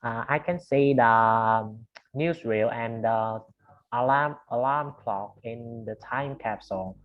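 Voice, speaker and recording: An English student answering questions in a lesson, hesitant with many pauses. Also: medium pitch, lo-fi sound.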